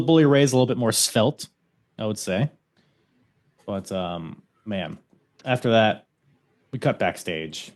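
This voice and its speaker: A man hosting a podcast, recapping events in a loose, casual chat and laughing often. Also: medium pitch. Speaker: podcast host.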